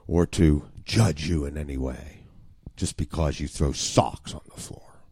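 A man's voice: rumbling low, a little slow, warm tone, husky, no room sound, clean studio sound, full character voice. A preacher voicing Satan as a male tempter who goads a listener in an urgent, needling tone that drops to a whisper. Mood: goading.

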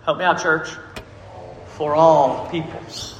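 Emphatic high-voiced preacher. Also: male voice, slow pace, creaky, slight background noise. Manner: preachy and emphatic, asks the congregation questions. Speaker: pastor. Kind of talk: sermon. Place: church sanctuary. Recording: echoey reverberant church hall.

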